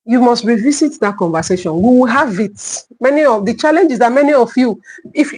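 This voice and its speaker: A woman's voice: fairly high pitch, animated, a little fast, darkish tone, breathy edge, rough recording. A middle-aged woman with a Nigerian English accent, a clinical psychologist teaching a live online parenting class, emphatic and repeating her key points.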